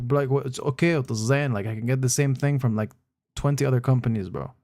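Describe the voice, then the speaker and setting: A man's voice: mid-range voice, brisk, few pauses, a little mellow. A young man chatting casually, blunt and slangy, reacting with disbelief. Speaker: streamer reacting to chat. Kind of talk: casual chat.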